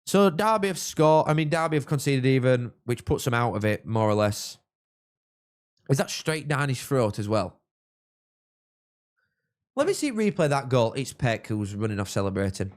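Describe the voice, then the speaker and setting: A young man from England, hosting a live football watchalong and chatting with viewers, reacting loudly to goals. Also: medium pitch, expressive, moderate pace, long pauses. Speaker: livestream host.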